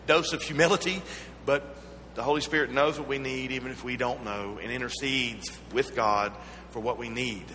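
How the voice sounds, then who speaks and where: A man with a Southern American accent preaching a sermon, mixing earnest teaching with personal stories and gentle humor. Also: medium pitch. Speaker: pastor. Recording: echoey hall with faint hum.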